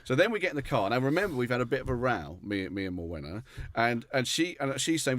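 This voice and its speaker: A man's voice: medium pitch, sing-song, fast talker, hardly any pauses. A man co-hosting a comedy chat, telling frank, self-deprecating stories in a chatty way. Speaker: podcast co-host.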